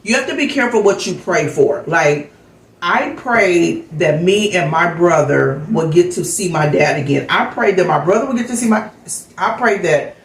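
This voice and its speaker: A woman's voice: lowish voice, lively intonation, moderate pace, roomy sound, poor audio. A middle-aged woman vlogger chatting candidly and telling a personal story in a casual way. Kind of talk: casual chat vlog.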